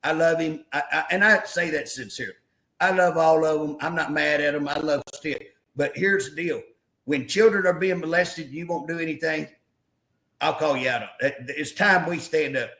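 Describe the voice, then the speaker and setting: A man's voice: on the high side, normal speed, sharp tone, reverberant. A man speaking as a guest on a political talk show, rallying listeners in a fiery, folksy, preacher-like way. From southeast Oklahoma. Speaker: state representative guest.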